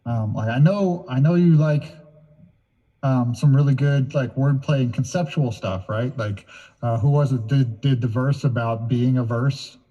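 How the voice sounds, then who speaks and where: A man's voice: mid-range voice, measured pace, mellow, dull audio. A man in a band, casually asking a bandmate rambling questions on a livestream, full of fillers. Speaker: band member hosting the hangout.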